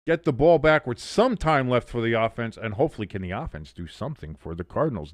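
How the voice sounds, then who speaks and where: A man in his thirties calling each snap on a home stream, his voice sitting at an ordinary middle pitch. The sound is dry and close to the mic, with no room around it. He slips easily into cursing exasperation at bad play. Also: animated, quick pace, few pauses, no echo. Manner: profane, exasperated, swearing freely. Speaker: watch-along streamer doing play-by-play. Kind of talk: live play-by-play commentary with chat reading.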